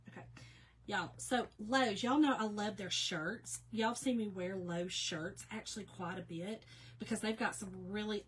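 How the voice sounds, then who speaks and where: A woman's voice: a little high, pushed and bright, husky. A woman, chatting folksily to viewers during a casual craft tutorial and laughing often. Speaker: craft vlogger.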